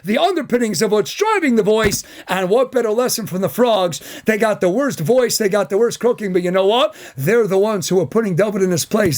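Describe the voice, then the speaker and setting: A man, a rabbi from the United States, giving a Torah lecture in an animated way, firing off rhetorical questions. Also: sits high.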